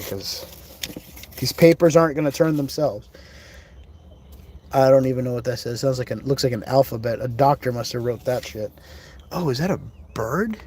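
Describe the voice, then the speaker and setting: A man with a medium-pitched, darkish voice hosts a live ghost-hunting stream outdoors in a cemetery, with slight background noise. He chats casually as he explores, rambling with laughs and asides.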